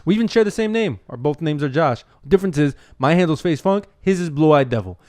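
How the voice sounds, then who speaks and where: Joking young male podcast host, higher voice. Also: expressive, fast, a little mellow, dry recording, studio quality. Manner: joking, self-mocking. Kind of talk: casual chat.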